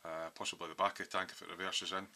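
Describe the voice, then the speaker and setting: A man's voice: deep voice, level tone, rapid-fire, pushed and bright. A man in a home hobby workshop, casually walking through his model build with lots of ums as he explains his thinking.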